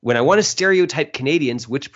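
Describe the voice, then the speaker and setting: A man hosting a casual podcast, speaking thoughtfully with many restarts and pauses. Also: on the high side, expressive, dull audio. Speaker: podcast host.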